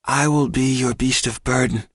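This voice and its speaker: A man's voice: medium pitch, steady tone, moderate pace, a bit bright, no room sound, clean studio sound, pitched above the performer's own voice, close to an everyday voice. A man doing a serious young girl, earnest. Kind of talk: audiobook character voice.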